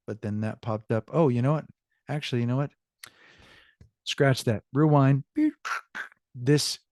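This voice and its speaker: A man's voice: lowish voice, a little mellow, no echo, clean studio sound. Upbeat man teaching a Spanish class. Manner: upbeat, encouraging, self-correcting. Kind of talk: online class lesson.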